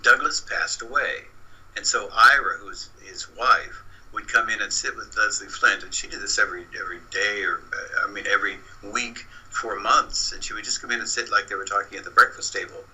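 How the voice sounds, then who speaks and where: A man's voice: lowish voice, fairly even intonation, brisk, bright, forceful tone, slightly rough, low-quality recording. A man who is a guest researcher, patiently explaining in an interview and often answering with short backchannels.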